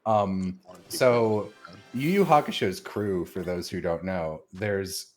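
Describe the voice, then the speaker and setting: A man streaming, chatting casually and telling stories in a rambling, animated way with lots of swearing and filler words. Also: low-pitched, slow, soft background music. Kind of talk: casual chat, animated storytelling.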